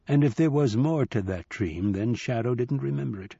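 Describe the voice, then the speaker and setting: A man narrating an audiobook in a measured, even storytelling manner. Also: medium pitch, vocal fry, husky, no room sound. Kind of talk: scripted narration. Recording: slightly dull dry recording.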